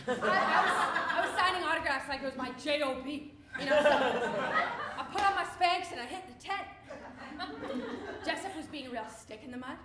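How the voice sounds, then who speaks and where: A giddy, show-off wife, bragging and giggling in a high, bubbly voice, as a woman acts her out on stage. The sound is an echoey live theatre recording with clear background noise. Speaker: stage comedy performer. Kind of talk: live comic stage monologue.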